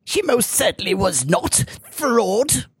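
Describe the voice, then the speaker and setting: A man voicing a rude, testy old gentleman time traveller who talks down to everyone. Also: high-pitched, very animated, slow pace, husky, no room sound, studio quality, pitched above the performer's own voice, exaggerated voice. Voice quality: querulous and condescending.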